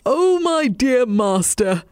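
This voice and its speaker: A woman's voice: mid-range voice, very animated, slow pace, a little mellow, dry recording. Storybook part: a woman playing a faithful male dog, raised and earnest, dry close read. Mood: joyful. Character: loyal male dog, eager then gruff.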